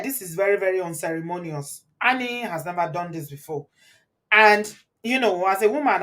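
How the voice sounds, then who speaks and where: With a fairly low-pitched voice, a Nigerian woman with a Nigerian accent hosts a live commentary for her channel. She reads viewer comments out loud, chats freely, laughs often and shifts into Pidgin and Yoruba.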